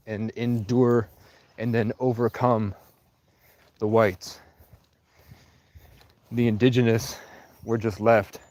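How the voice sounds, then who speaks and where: Out in the Vermont countryside, a man with a lowish, darkish voice chats loosely on a livestream and responds to comments from his viewers.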